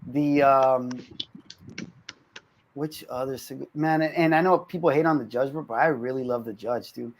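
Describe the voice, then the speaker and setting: A man's voice: medium pitch, moderate pace. A man chatting casually on a livestream in an easygoing, rambling way. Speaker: livestream guest. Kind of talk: casual chat on a video call.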